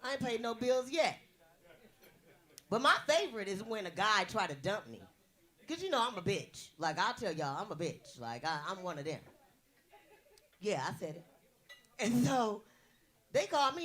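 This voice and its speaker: A young woman from the US West Coast works a comedy club stage with a big, bright voice. Her pitch leaps around as she fires off brash, bawdy punchlines. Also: sing-song, normal speed, long pauses. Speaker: stand-up comedian. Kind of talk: stand-up comedy routine.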